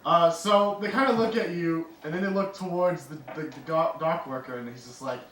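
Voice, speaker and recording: A man's voice: on the high side, a bit bright. A man narrating a tabletop game as game master, rambling and laughing as he goes. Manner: rambling, laughing, voices townsfolk in quick asides. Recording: echoey room, far from the mic, faint noise.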